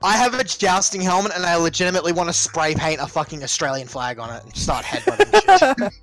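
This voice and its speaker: A man's voice: sits high, very animated, brisk, music in the background. A young man who grew up in England, chatting crudely and animatedly on a casual podcast over a voice call. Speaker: podcast co-host. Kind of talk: casual chat. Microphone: desktop microphones over a voice call.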